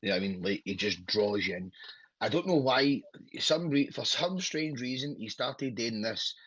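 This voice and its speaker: A man's voice: mid-range voice, lively intonation, moderate pace, a bit bright, slightly rough, no room sound, highs cut off. A Scottish man, a wrestler, chatting casually as a podcast guest, blunt and sweary with a laughing storyteller's manner.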